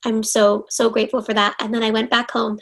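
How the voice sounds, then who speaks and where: A young woman from Los Angeles, in her twenties, recounts her career in a chatty, earnest interview. Her voice sits a little high, and she gushes, often stopping to restart a thought. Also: level tone, brisk, creaky, a bit bright, rough recording. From Los Angeles, USA. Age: 20s. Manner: earnest, effusive, with frequent restarts. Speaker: actress, interview guest. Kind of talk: conversational interview storytelling.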